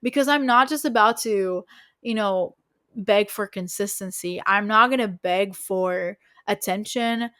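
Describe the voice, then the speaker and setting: A woman hosting a podcast, giving casual relationship advice in a frank, emphatic way, swearing often and filling pauses with "like" and "you know". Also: mid-range voice, bright, forceful tone, no echo, clean studio sound. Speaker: podcast host.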